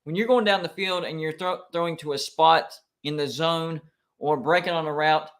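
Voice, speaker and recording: A man streaming live reactions to college football games, excitable and quick to complain like an emotional fan. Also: on the high side.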